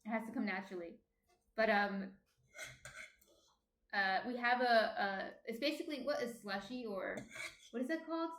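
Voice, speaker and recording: A woman's voice: fairly high pitch, moderate pace, pauses often, a bit bright. A woman with a New Jersey accent, chatting casually on a baking stream and reading viewer comments aloud. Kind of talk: casual chat while baking. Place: home kitchen. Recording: echoey room.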